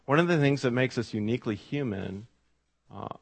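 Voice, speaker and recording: A man's voice: mid-range voice, lively intonation, brisk, creaky. A middle-aged man preaching a sermon as pastor, telling stories in a conversational way with fillers and asides to the congregation.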